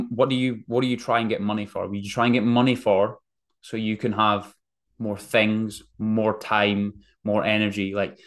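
A man hosting a podcast, telling a story in a casual, rambling monologue and correcting himself as he goes. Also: lowish voice. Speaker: podcast host.

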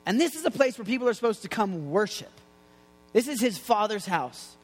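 A man preaching an excitable, joking sermon, like a youth pastor, full of playful asides. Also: high voice, fairly quick, big-room sound. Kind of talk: lively sermon.

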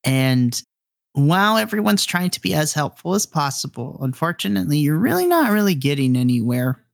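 A man's voice: medium pitch, no echo, studio quality. A man narrating a tabletop role-playing game as game master, describing scenes and explaining the setting.

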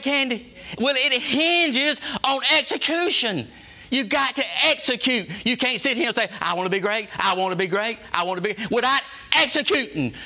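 A man rallies his staff like a preacher, circling back to the same phrases and firing questions at the room. His voice sits high for a man and rings bright and forceful. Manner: folksy, emphatic, repeats phrases and asks the room questions. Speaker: workplace leader giving a culture talk. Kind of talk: preacher-like motivational talk to staff.

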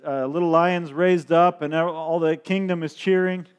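A man's voice: fairly high pitch, fairly even intonation, clean tone. A man interpreting a sermon into English, often laughing and restarting his sentences. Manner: frequent laughter, halting restarts.

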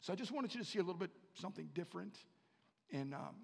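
A man preaching a sermon, swinging from hushed lines to loud, rising climaxes and repeating phrases for emphasis. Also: high voice, lively intonation, fast talker, gravelly, slightly rough. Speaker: pastor. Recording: long reverb in a hall.

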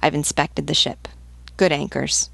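A woman voicing a brisk, loyal male naval officer giving a report. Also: deep voice, flat delivery, creaky, fairly bright tone, no echo, full character voice.

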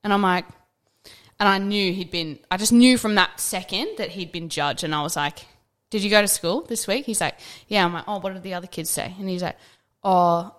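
A young woman talks earnestly in a casual podcast chat. Her voice sits in a middle pitch. She tells stories with lively acted-out quotes and swears now and then. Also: fairly quick.

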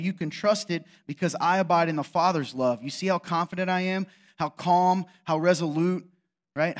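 A middle-aged man preaching a sermon as pastor, conversational, with rhetorical questions and sarcastic asides. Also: fairly high pitch.

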